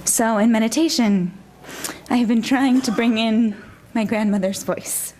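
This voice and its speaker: Woman minister, sermon, gentle and reflective, slightly high voice, faint room ambience. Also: steady tone, a little slow, slight background noise. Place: church.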